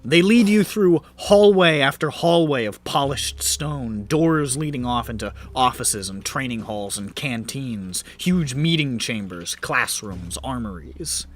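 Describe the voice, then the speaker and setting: A man's voice: medium pitch, expressive, unhurried, few pauses, slight background noise. A man narrating a tabletop game as game master, vivid and descriptive with laughing asides.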